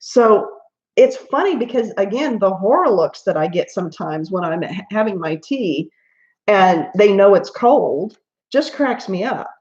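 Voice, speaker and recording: A Southern American woman chats casually on a home coloring livestream, her voice pitched in an ordinary middle range. She tells rambling stories full of asides and breaks into laughter often. The stream audio sounds a little dull and lo-fi. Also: expressive, measured pace, a little mellow. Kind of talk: casual chat while coloring.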